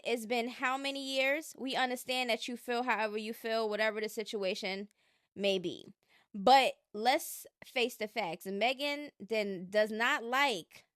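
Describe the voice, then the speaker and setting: Opinionated woman, smooth dry voice. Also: on the high side, fairly bright tone, dry recording. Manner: opinionated, chatty, drawn-out emphasis. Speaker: commentary channel host. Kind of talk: casual gossip commentary.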